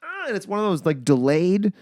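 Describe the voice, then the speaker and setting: Animated, cursing male podcast co-host. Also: mid-range voice, brisk, no room sound, studio quality. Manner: swears freely, animated storytelling. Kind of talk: casual chat.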